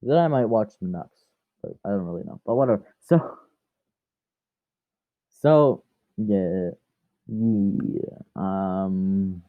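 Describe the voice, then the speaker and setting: A man's voice: fairly low pitch, lively intonation, slow pace, long pauses, no room sound, narrow, tinny audio. A man rambling through a casual fan story, chatty and often correcting himself.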